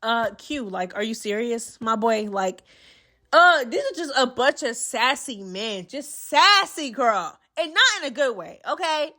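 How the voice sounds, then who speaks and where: A woman hosting a casual reality TV recap vlog, sassy and expressive, full of slang and talking straight to her viewers. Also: a little high, measured pace. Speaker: host of a reality TV recap channel.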